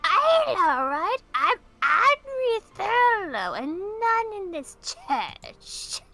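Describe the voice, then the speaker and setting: A woman reading aloud as a gentle, protective church caretaker who reassures softly. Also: very high voice, big pitch swings, extremely slow, soft background music, exaggerated voice. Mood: soothing. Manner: soothing, reassuring. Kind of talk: reading a story game aloud in character.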